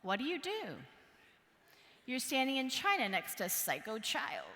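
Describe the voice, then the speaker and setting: A woman from Wisconsin giving a motivational keynote speech, telling a story in a playful, animated way and acting out voices and sounds. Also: fairly high pitch, a little slow, slight background noise. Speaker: keynote speaker. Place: large conference hall. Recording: long hall reverb.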